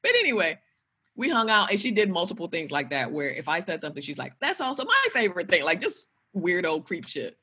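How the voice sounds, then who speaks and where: A woman comedian talking on a podcast, swinging her pitch widely as she tells stories. Her voice is husky yet bright, and she swears freely and laughs loudly between lines. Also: a little fast. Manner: animated storytelling, loud laughs, profane. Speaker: comedian guest. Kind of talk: casual podcast chat.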